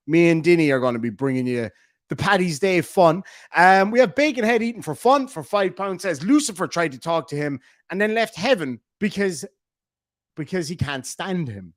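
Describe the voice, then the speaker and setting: Animated Irish streamer with a cold. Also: male voice, on the high side, dry recording, studio quality. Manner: animated, jokey, chuckling. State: has a bad cold. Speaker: streamer host reacting to videos. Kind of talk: casual live-stream commentary, reading chat.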